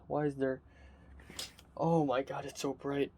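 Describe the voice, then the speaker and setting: A sleepy, tired young man, a college student, rambling in a halting casual video diary with frequent fillers and swearing, filmed by himself in his bedroom. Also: a little high, level tone, darkish tone. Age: young adult. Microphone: self-filmed camera.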